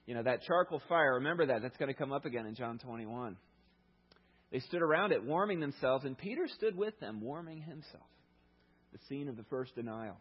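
A male pastor preaching a sermon in a conversational, animated storytelling manner, heard through a dull, lo-fi recording. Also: medium pitch, fairly quick, slightly rough.

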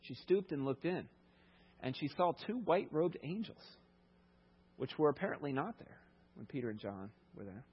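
A preacher with a husky, slightly breathy voice, pitched a little high for a man. He retells the story in a sermon with easy, conversational asides, on a dull, lo-fi recording. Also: sing-song, moderate pace.

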